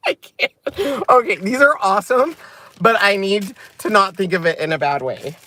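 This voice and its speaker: A man hosting a crafting channel, chatting excitably and breaking into giggles while opening gifts in his car. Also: sits high, normal speed. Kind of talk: casual unboxing vlog. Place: inside a parked car.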